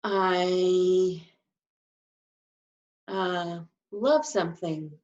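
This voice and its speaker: Slow-talking woman teaching sign language. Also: on the low side, fairly even intonation, darkish tone. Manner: demonstrative, acts out emotions with her voice. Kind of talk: live class instruction. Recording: distant mic, dull lo-fi sound.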